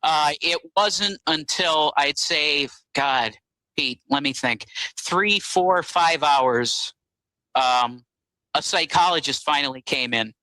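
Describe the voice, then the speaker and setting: A man guest on a talk show, recounting events in a halting, rambling way with many fillers. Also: fairly high pitch, bright, forceful tone, no echo, rough recording. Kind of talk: casual phone-in interview.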